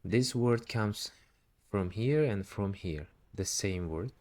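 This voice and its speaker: A man teaching Quran recitation step by step, patiently repeating syllables slowly. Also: on the low side, expressive, darkish tone. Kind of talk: slow step-by-step recitation lesson.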